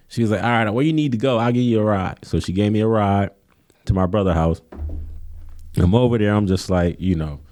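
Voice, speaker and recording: Low, mellow-voiced man telling stories. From Kenosha, Wisconsin. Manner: animated storytelling, acts out quotes in a raised voice. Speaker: guest, college coach. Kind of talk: casual storytelling interview.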